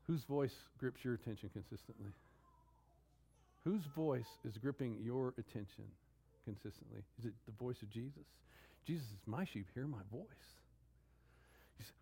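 A middle-aged man preaching a sermon, emphatic, repeating key phrases and swinging between loud declarations and hushed asides. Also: mid-range voice, moderate pace, gravelly, pauses often, slightly rough. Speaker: pastor.

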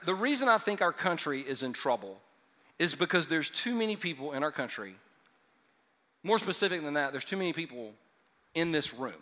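A pastor in his fifties preaches to a live congregation in a loose, joking way, then drives his points home with emphasis. His voice sits high for a man and has a bright, ringing edge. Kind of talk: sermon. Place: church hall with audience.

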